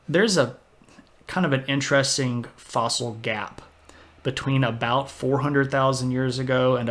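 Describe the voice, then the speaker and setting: A man's voice: medium pitch, fairly bright tone. A man giving a casual livestreamed history lecture, conversational and digressive, with self-deprecating asides.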